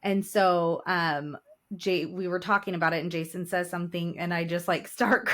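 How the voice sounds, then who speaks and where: A woman's voice: fairly low pitch, normal speed. A woman in her forties co-hosting a podcast, chatting casually and telling stories with laughs and emotion. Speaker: podcast co-host. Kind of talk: casual chat.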